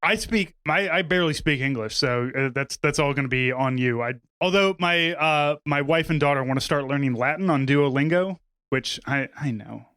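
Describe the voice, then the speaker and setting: Clear, slightly high-voiced man, dry mic. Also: normal speed, a bit bright, no echo. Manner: rambling, self-deprecating, swears. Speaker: podcast co-host. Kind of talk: casual chat.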